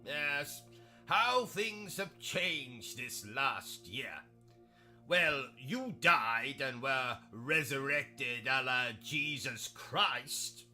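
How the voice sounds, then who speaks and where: A man with a British accent hosting a gaming livestream, delivering pompous, insulting, deadpan absurd comedy. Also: mid-range voice, extremely slow, soft background music. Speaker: gaming streamer host. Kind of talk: comedic in-character livestream monologue.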